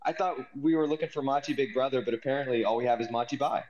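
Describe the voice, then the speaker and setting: A man's voice: mid-range voice, a little mellow, muffled recording. A man teasing and mocking a friend in a casual chat. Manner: teasing, mocking, quick comebacks.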